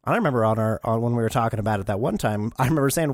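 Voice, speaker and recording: A man co-hosting a podcast with an easy, mid-pitched voice. He asks questions, agrees readily, and talks eagerly about the little references he spotted. The recording is dry and close. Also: expressive, very fast, no room sound. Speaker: podcast co-host. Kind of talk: casual chat.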